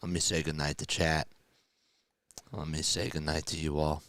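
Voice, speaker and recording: A man with a hoarse, strained, rumbling low voice calls a football game live as a fan play-by-play caster, at a moderate pace. His excited calls rise to shouts before he signs off casually. The recording is dry.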